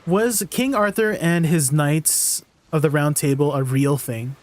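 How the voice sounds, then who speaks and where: A man with a somewhat high voice chatting through a casual game stream. He talks in an easygoing way, answers questions from his viewers and laughs easily along the way. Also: unhurried. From Canada. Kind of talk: casual gameplay stream chat.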